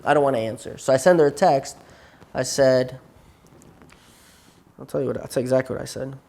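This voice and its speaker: A man's voice: medium pitch, steady tone, brisk, gravelly, dark tone, slight background noise. Rambling, worn-out young man telling a story. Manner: rambling, repeats himself, acts out quotes. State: burnt out and tired. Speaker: client in therapy session. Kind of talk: casual storytelling in therapy.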